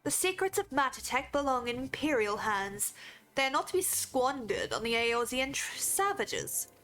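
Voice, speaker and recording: A woman's voice: high voice, sing-song, moderate pace, a bit bright, soft background music. A woman reading game dialogue as a contemptuous imperial officer, giving commands with scorn. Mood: scornful.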